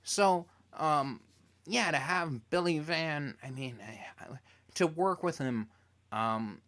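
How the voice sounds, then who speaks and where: A man interviewing a TV creator as a fan, telling stories in an animated way and acting out quotes. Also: fairly high pitch, slow pace. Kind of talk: casual interview chat.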